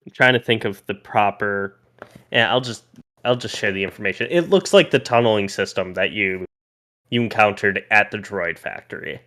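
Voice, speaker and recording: A man narrating a tabletop role-playing game as game master, pausing and restarting as he describes each scene. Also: lowish voice, sharp tone.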